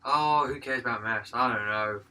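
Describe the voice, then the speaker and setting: A man's voice: mid-range voice, normal speed, pushed and bright, distant mic. A man co-hosting a podcast in casual chat, laid-back and joking, swearing freely. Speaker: podcast co-host.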